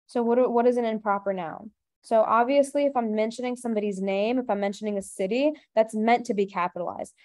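A woman tutor gives a brisk webinar lesson in a mellow, darker voice. She explains step by step and keeps asking rhetorical questions to guide her students. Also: a little high. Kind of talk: online webinar teaching.

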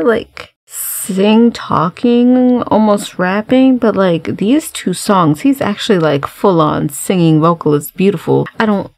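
A young adult woman giving casual reaction commentary on a music video, blunt and animated, swearing freely. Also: mid-range voice. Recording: faint music behind her voice.

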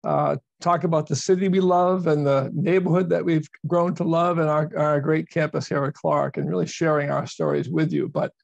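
A man's voice: a little high, normal speed, vocal fry, few pauses, dry recording, lo-fi sound. A man giving a virtual presentation as a university speaker, explaining at length and repeating words for emphasis. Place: video call. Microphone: video call microphone.

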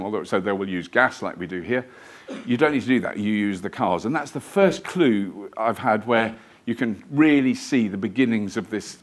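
A man giving a live lecture to an audience in a museum lecture theatre, telling stories in a chatty, rambling, self-deprecating way. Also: fairly low pitch. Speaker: guest lecturer.

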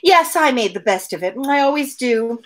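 A woman's voice: a little high, lively intonation, brisk, pitched above the performer's own voice, lightly acted. A woman reading aloud and voicing a complaining, self-pitying young married woman. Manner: complaining, plaintive.

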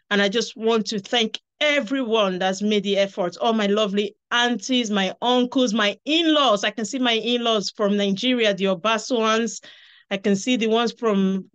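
A woman giving a heartfelt, halting tribute over a video call, drawing out her words. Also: mid-range voice. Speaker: guest speaker, daughter of the author. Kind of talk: emotional tribute speech.

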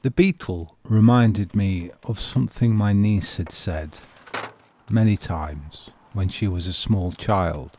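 A man recalls a small memory in an unhurried, wistful narration. His voice sits low, with a gravelly edge, and faint noise hums underneath. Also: warm tone. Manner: measured, wistful storytelling. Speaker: home renovation vlogger. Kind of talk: slow reflective narration.

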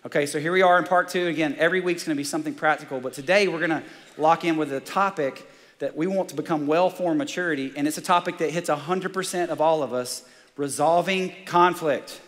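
A man preaching in a large church, his raised voice carrying a long hall reverb. He talks with fired-up, excitable energy and sits a touch high for a man. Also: fast. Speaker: pastor. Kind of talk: sermon.

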